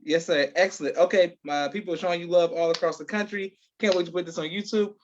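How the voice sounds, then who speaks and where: A male podcast host with a slightly raised voice reads sponsor thanks in a brisk, announcer-like way. He affirms his guest readily. The recording sounds dull and lo-fi. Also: high voice, fairly even intonation, a little hiss or hum.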